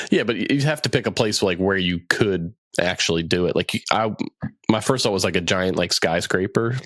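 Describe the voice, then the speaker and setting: A young man with a fairly low voice chats easily on a podcast, rambling and laid-back. The sound is dry and close, with no room around it. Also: moderate pace, a bit bright, dry recording. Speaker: podcast co-host. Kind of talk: casual chat.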